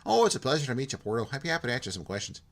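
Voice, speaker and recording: A man's voice: mid-range voice, big pitch swings, rapid-fire, vocal fry, voice pushed up. A man voicing a friendly, talkative male computer technician, with a Minnesota accent that drifts into Irish. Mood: friendly, chatty. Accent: Minnesota sliding into Irish. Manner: chatty, eager to explain.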